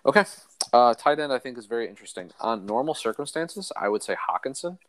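A man co-hosting a podcast in casual chat, laid-back and quick to laugh as he moves the talk from one segment to the next. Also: medium pitch, big pitch swings, rough recording. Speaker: fantasy league podcast co-host.

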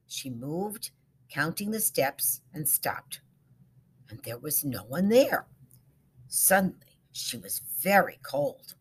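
Husky woman telling a suspense story. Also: low-pitched, sing-song, slow. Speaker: narrator. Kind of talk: dramatic story reading.

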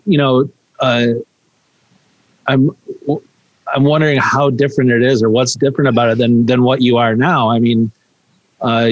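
A man's voice: medium pitch, no echo, lo-fi sound. Dry-sounding man asking probing questions. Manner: probing, animated when making a point. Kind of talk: conversational interview.

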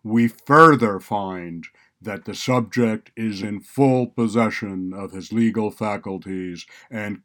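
A man voicing a cold, commanding chief judge with a deep, resonant voice, delivering loud, slow, measured pronouncements.

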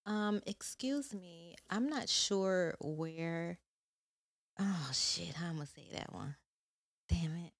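A woman's voice: on the low side, slow, dry recording, clean studio sound. A woman in casual chat, bantering playfully in slang and laughing often.

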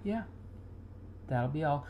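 A woman co-hosting a podcast in casual chat, with a drawn-out, playful delivery. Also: deep voice, animated, lo-fi sound. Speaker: podcast co-host.

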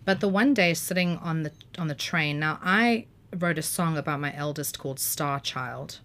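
A woman, a podcast guest, telling personal stories in an animated, vivid way with casual swearing. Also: deep voice, moderate pace. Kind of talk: casual storytelling.

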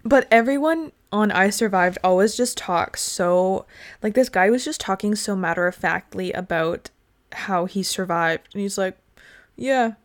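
A woman's voice: mid-range voice, normal speed. A young woman co-hosting a podcast, chatting casually and telling anecdotes. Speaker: podcast co-host. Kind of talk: casual chat.

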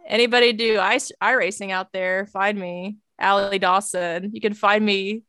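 A woman guest on a podcast, chatting casually with quick wisecracks and frequent laughter. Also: mid-range voice, steady tone, a bit bright, clear, resonant tone, no room sound. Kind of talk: casual chat.

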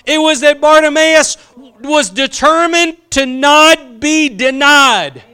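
A man's voice: very high voice, slow, sharp tone. A man preaching a sermon, impassioned, drawing out key phrases for emphasis and acting out quotes.

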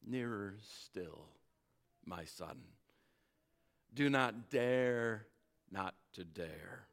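A preacher reading aloud, voicing a majestic male lion from a storybook, gentle but commanding. He speaks low, soft and very slowly, each phrase weighed. The tone is bright and clear despite the hush. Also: lively intonation, heavily acted. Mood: gentle, solemn. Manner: slow, hushed and solemn.

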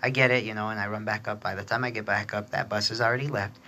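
A man's voice: on the low side, steady tone, fast, bright, forceful tone. A man hosting a podcast, telling a long personal story in a rambling, chatty way, laughing often and mimicking other people with a raised voice. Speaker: podcast host. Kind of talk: casual storytelling.

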